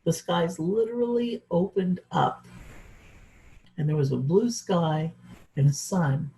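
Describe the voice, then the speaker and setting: A woman's voice: on the low side, slow, warm tone, rough recording. A woman speaker giving an earnest, reflective talk about her own life. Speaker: event speaker. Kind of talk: personal storytelling talk.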